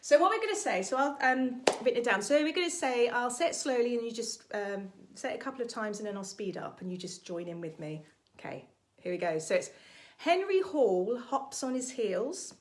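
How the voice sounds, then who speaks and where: A woman's voice: fairly high pitch, quick pace. A woman vocal coach, leading an online singalong lesson in a chatty, encouraging way. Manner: encouraging, chatty, sings warm-up exercises.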